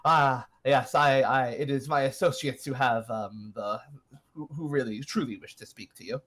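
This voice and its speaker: A man's voice: medium pitch, moderate pace, a bit bright, natural voice. A man voicing a pompous male merchant board member in a tabletop game. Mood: halting.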